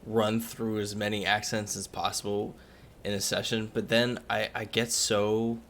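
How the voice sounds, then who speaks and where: A man's voice: on the low side, level tone, measured pace, fairly bright tone, a little hiss or hum. A man narrating as game master in a live-streamed tabletop game, talking casually and trailing off now and then. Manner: casual, laughs often, trails off mid-sentence.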